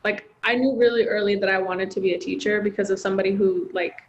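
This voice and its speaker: A woman's voice: medium pitch, steady tone, fast, highs cut off, a little hiss or hum. A young woman, a college student, telling a personal story in an interview, heartfelt and chatty with lots of filler words. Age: young adult. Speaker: student guest.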